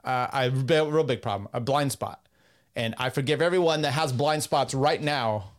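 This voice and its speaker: A man hosting a casual podcast chat, halting and full of filler sounds as he talks. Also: mid-range voice. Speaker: podcast host.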